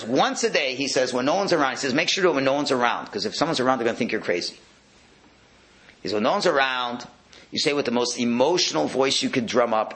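A man teaching a religious lecture to an audience, acting out voices and dropping to a whisper. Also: medium pitch. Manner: animated, acts out voices, drops to a whisper. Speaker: rabbi giving a talk.

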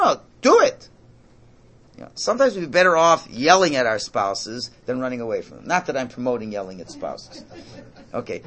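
A male rabbi gives an informal religious talk in a mid-pitched voice. His pitch rises and falls widely, and he often repeats phrases. He breaks into loud, near-shouted emphasis. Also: breathy edge. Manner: animated, repetitive, bursts into near-shouting for emphasis.

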